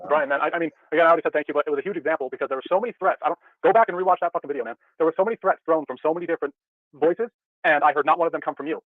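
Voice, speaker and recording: Fast man on a tinny phone line. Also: a little high, no room sound. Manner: grateful, earnest. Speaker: panel guest.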